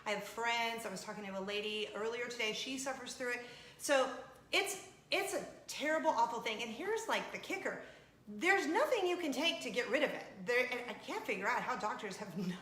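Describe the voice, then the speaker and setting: A woman's voice: fairly high pitch, bright, forceful tone, echoey room, rough recording. A woman, hosting a vlog and telling a personal story in a chatty, confessional way, laughing as she goes. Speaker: vlog host. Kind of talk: casual storytelling to camera.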